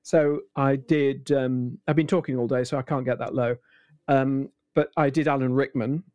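A man in his sixties, an impressionist, telling anecdotes in a relaxed, rambling interview with many restarts. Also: mid-range voice, normal speed, dry recording, dull audio. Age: 60s. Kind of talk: casual interview chat.

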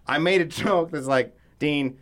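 A man's voice: fairly high pitch, a little slow, a bit bright. A man co-hosting a podcast, telling loose, profane stories with lots of laughter in casual chat. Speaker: podcast co-host.

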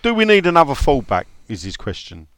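A man's voice: mid-range voice, wildly swooping pitch, fairly quick, fairly bright tone, dry recording. A man hosting a casual podcast, reading out listener questions and telling funny stories with frequent laughter. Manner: chatty storyteller, laughs often. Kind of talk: casual chat.

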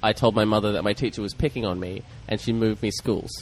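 A man's voice: fairly low pitch, steady tone, quick pace, soft background music, rough recording. A man co-hosting a comedy podcast, telling personal stories in an earnest, reflective way. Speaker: podcast co-host. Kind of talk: casual comedy podcast banter.

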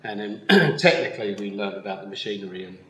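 A man's voice: on the low side, animated, fast, sharp tone. A man who owns a wool mill, explaining his work with an easygoing manner and frequent laughs in a live podcast interview. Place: live at a yarn festival. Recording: roomy live festival recording, faint noise.

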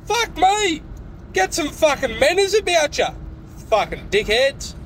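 Australian male caller, very high voice, cranky sweary rant. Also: very animated, a little slow, slight background noise, poor audio. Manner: sweary, exasperated ranting. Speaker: caller leaving a voice message. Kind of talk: ranting voice message.

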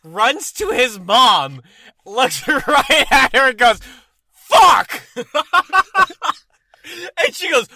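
Recorded in a car with background noise, this twenty-something Texan podcast co-host speaks slowly in a very high voice. He laughs often while animatedly telling a story and doing the voices of its characters.

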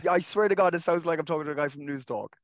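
A man's voice: on the high side, racing, lo-fi sound. An Irish man co-hosting a podcast in casual chat, teasing and jokey. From Ireland. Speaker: podcast co-host.

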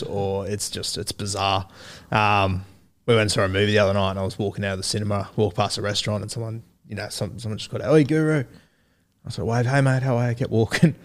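An Australian man with a slight stutter, chatting as a guest on a podcast and telling stories about himself. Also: fairly low pitch. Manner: hesitant, with restarts and a slight stutter. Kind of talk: casual interview chat.

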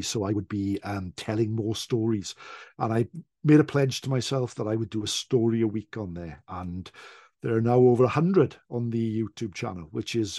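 A middle-aged Welsh man who tells traditional stories, chatting casually as an interview guest, self-deprecating and quick to laugh. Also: mid-range voice, a little mellow, no room sound, studio quality. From Wales. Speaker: podcast guest, traditional storyteller.

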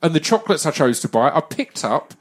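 A man's voice: fairly high pitch, very animated. Rambling man hosting a podcast. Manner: rambling, halting with many fillers and restarts. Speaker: podcast host. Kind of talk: casual podcast banter.

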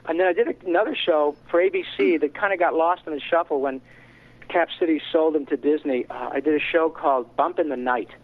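A chatty man speaks in a slightly high voice, peppering his talk with casual asides. The sound is dull and lo-fi. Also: a little fast. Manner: chatty, frequent "you know" asides. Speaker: voice actor guest. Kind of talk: casual interview chat.

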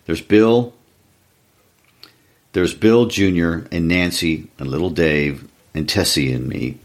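A man voicing a quiet, resigned village husband who speaks regretfully in a story reading. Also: sits low, takes it slowly. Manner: regretful, subdued.

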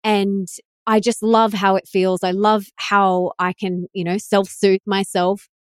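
A woman's voice: mid-range voice, level tone, measured pace, smooth, no echo, studio quality. A woman hosting a podcast in casual conversation, enthusiastic and affirming. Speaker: podcast host.

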